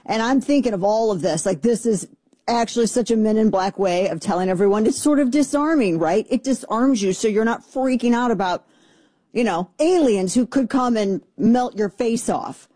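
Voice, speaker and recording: A show host giving casual commentary in an animated, sarcastic way, full of playful asides. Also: medium pitch, normal speed, no room sound.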